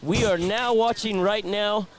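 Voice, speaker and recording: A man's voice: high voice, fairly even intonation, measured pace, slight background noise. A man hosting a live drag racing broadcast outdoors, casually recapping the event for viewers. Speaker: host of a live race broadcast.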